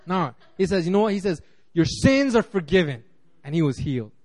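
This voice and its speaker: A man pastor giving a casual, conversational sermon, animated and acting out quotes, with frequent restarts. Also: sits high, a little fast.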